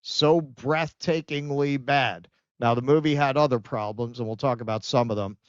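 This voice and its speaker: A man hosts a political commentary podcast, trading sarcastic, profane jabs in animated bursts. The recording is dry and a little dull, as if from a basic home setup. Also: medium pitch, normal speed, clear, resonant tone, dry recording. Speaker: podcast host.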